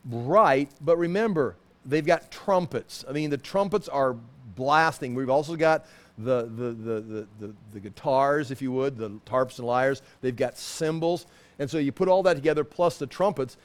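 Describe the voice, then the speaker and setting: A middle-aged man leads a Bible study sermon in a loose, conversational manner, pointing out places on a map and often restarting sentences. His voice is on the high side and a little mellow.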